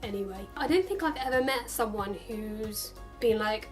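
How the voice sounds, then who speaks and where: A woman's voice: on the high side, normal speed, soft background music. A young adult woman vlogging casually to camera in a chatty, upbeat way, acting out the lines of other people now and then.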